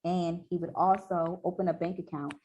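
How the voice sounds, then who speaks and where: A woman's voice: lowish voice, fairly even intonation, moderate pace, dark tone, slight background noise. A woman author reading from her memoir and answering interview questions in an earnest storytelling way. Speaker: author and podcast owner.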